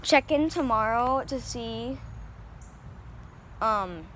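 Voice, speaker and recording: This young woman talks extremely slowly, her fairly high, fairly bright voice full of lively intonation, with slight background noise behind her. Filming on a handheld phone in her backyard, she casually shows her guinea pigs, chatting with many fillers and sweet baby talk.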